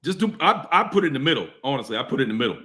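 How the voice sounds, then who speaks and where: A man's voice: medium pitch, big pitch swings, rapid-fire, sharp tone. A man talking as a podcast guest in casual chat, giving confident advice.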